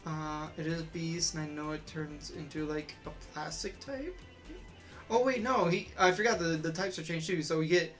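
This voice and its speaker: A game streamer chats through a casual let's-play at a mid pitch and thinks aloud as they play. The talk is excitable and rambling, and faint game music sits behind the voice.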